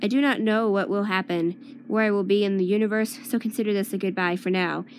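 A woman reading the farewell letter of a troubled young man, quiet and confessional. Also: mid-range voice, steady tone, brisk, slight background noise, lightly acted. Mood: somber.

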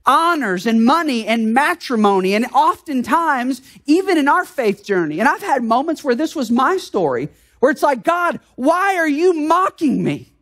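A man's voice: very high voice, very animated, moderate pace, fairly bright tone. A male pastor from the United States preaching a sermon in an earnest, conversational way, with frequent rhetorical questions to the congregation.

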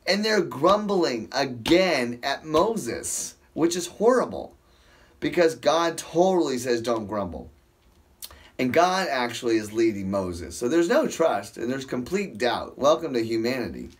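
A man's voice: mid-range voice, very animated, measured pace. A man hosting a casual Bible study, reading scripture aloud and breaking off into rambling, self-interrupting asides.

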